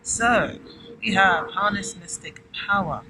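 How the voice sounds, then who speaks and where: A woman giving a casual spiritual tarot reading, effusive and chatty, often exclaiming and filling pauses. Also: medium pitch. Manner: effusive, keeps exclaiming wow, chatty with many fillers. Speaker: tarot reader. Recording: loud background noise with clicks.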